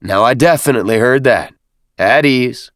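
A man voicing a commanding military captain who shouts on the parade ground but stays friendly and relaxed in conversation. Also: normal speed, no room sound, studio quality, close to an everyday voice. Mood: easygoing. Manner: booming parade-ground calls, easy officer's banter.

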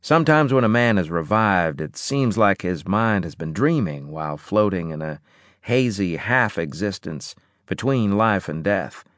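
Low, lively male audiobook narrator. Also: measured pace, no room sound, studio quality. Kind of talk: first-person audiobook narration.

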